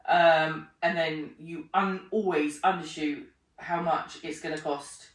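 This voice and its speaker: A woman chatting in an interview, animated, acting out her own remarks and laughing often. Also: deep voice, takes it slowly. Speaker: podcast host being interviewed. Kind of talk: casual conversational interview. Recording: roomy sound, mic at a distance.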